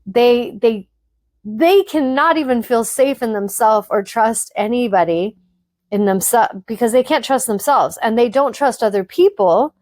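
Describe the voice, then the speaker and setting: A woman's voice: on the high side, unhurried, a little mellow, no echo, clean studio sound. A woman hosting a spiritual podcast, speaking frankly to her listeners in an emphatic, blunt monologue that swears freely.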